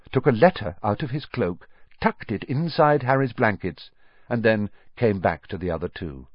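A man narrates a storybook in an expressive, measured way. His low voice is husky and moves widely in pitch. The recording is dry and slightly dull. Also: dry recording. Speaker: audiobook narrator.

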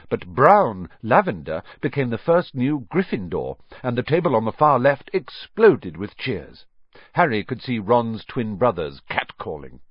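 A man narrates a storybook with a husky voice and a lively, wide-ranging pitch. The sound is dry and close, with a dull, lo-fi quality. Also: no echo. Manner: animated storytelling with voiced characters. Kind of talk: audiobook narration.

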